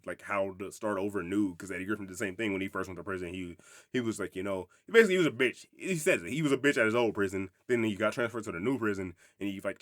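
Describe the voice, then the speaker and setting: Fast-talking, rambling young podcast man. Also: lowish voice, a bit bright, dry recording, clean studio sound. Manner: rambling, profane, laughs often. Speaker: podcast host. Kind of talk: casual movie review chat.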